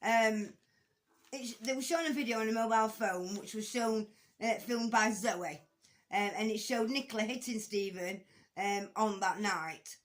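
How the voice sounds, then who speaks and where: A woman's voice: a little high, moderate pace. A woman commenting casually on a court case, with frequent ums, restarts and blunt, conversational swearing. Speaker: true-crime commentator.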